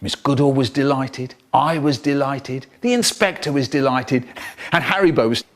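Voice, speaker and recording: A man telling a school story to children in an animated, theatrical way. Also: moderate pace. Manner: animated, theatrical storytelling with sudden jumps in pitch. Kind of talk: storytelling for children, cut up in a remix.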